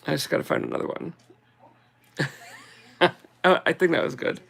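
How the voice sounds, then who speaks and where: A woman's voice: deep voice, very animated, creaky, breathy edge. Giggly woman reading Christmas verses aloud. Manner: giggly, reads verses slowly and sing-song; chatty asides between readings. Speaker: vlogger. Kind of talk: casual reading of Christmas poems.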